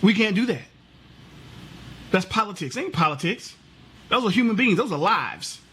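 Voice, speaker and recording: Heated husky man ranting. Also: high voice, sing-song, normal speed, a bit bright. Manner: heated, profane, rhetorical questions. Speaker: vlogger. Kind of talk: impassioned political rant.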